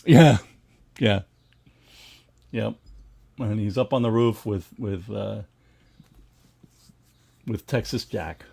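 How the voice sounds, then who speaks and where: A man's voice: fairly low pitch, slow pace, gravelly, pauses often, darkish tone, breathy edge, no echo. A middle-aged man co-hosting a casual livestream about comic art, rambling with many restarts and laughing often. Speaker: co-host of a comics history show.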